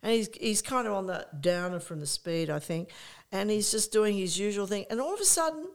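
A woman's voice: mid-range voice, fairly quick. Chatty older woman telling stories. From Australia. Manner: animated anecdote-telling, many restarts, acts out quoted people. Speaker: interview guest, music promoter. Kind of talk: casual storytelling chat.

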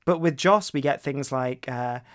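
A man's voice: medium pitch, a little slow. Man co-host, casual book talk; wry, playful delivery. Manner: wry, playful, reads quotes aloud. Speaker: podcast co-host.

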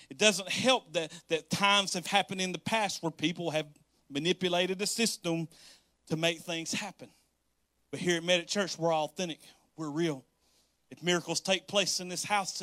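Man, pastor, lively sermon, bright ringing tone. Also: fairly high pitch, moderate pace, no echo, studio quality. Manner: animated, playful, acts out congregants in a raised voice, laughs often.

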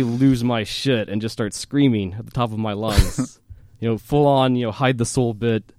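A man hosting a casual podcast, caught up in telling a childhood story. He talks at a middling pitch with a dry, close sound, and fillers and little laughs run through his telling. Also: moderate pace, a little mellow, dry recording. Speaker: podcast host.

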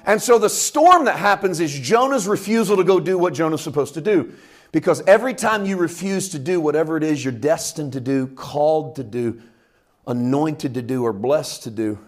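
A man preaching a sermon from Canada, animated, swinging between loud outbursts and quiet asides as he acts out quotes. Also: normal speed. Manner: animated preaching with big swings in loudness and pitch, acting out quotes. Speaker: pastor.

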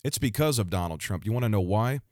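A man delivering fervent, preachy commentary, repeating himself and building to loud outbursts. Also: lowish voice, expressive, fast, no room sound, clean studio sound. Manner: fervent, repetitive, with restarts and rising outbursts. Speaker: Christian commentator.

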